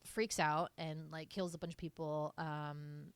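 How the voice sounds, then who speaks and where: A woman's voice: low voice, level tone, unhurried, clear, resonant tone, no room sound. A woman co-hosting a podcast, casually recapping a movie in a rambling way with lots of fillers. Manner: rambling, filler-heavy retelling with mock voices. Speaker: podcast co-host.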